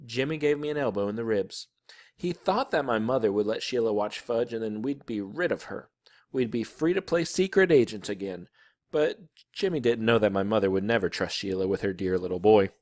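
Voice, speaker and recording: A man reading a children's chapter book aloud with expressive, animated narration. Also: on the low side, brisk. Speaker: storybook reader.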